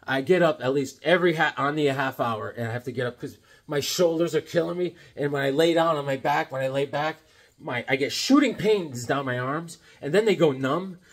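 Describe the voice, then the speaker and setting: In a fairly high, slightly fast voice, this man flips through comics while chatting casually as the host. He rambles, cracks jokes, and drifts into silly asides, funny voices, and bits of song.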